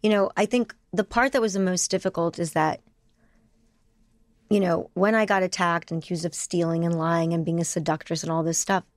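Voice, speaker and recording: A woman giving a candid interview, speaking emotionally in rapid bursts with frequent restarts. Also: fairly low pitch, steady tone, dry recording. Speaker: interview guest.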